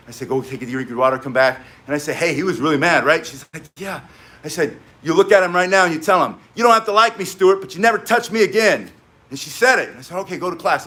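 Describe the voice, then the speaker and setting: Blunt, emphatic man with a high voice. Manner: emphatic, blunt, animated storyteller. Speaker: self-defense instructor. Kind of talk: casual spoken teaching with stories.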